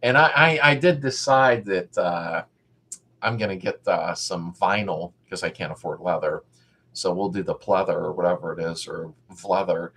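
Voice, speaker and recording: Husky, low-voiced man hosting a live chat. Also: normal speed, fairly bright tone. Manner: rambling, reads chat comments aloud and greets viewers by name. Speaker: live stream host. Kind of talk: casual live chat with viewers.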